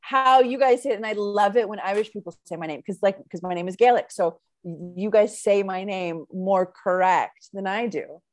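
A woman's voice: mid-range voice, normal speed, hardly any pauses, dry recording. A Canadian woman, a sexologist and psychotherapist, talking frankly and laughing as a podcast guest. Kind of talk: casual interview chat.

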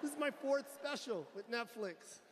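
A middle-aged man doing stand-up comedy on an arena stage, telling an animated story, acting out family members and sound effects, swearing often and shouting punchlines. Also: very high-pitched, normal speed. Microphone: handheld stage mic. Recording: live arena show with crowd noise.

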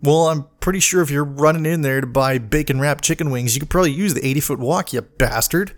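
A man's voice: on the high side, quick pace. A man ranting in a casual podcast monologue, swearing freely and exasperated, sometimes mocking other people in put-on voices. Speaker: podcast host, medic.

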